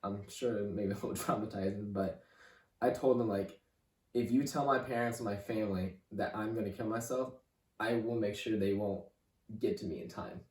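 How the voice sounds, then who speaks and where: A young man giving a personal faith testimony as a podcast guest, halting and repeating himself, leaning on "like" and "you know". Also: lowish voice, fairly even intonation, a little mellow, distant mic. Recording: roomy room, voice off-mic.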